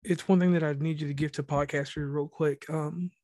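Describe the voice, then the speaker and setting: A man from the rural Mid-Atlantic hosting a casual podcast interview, talking fast and rambling with many restarts. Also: on the high side, fairly even intonation, darkish tone, no room sound, clean studio sound. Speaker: podcast host.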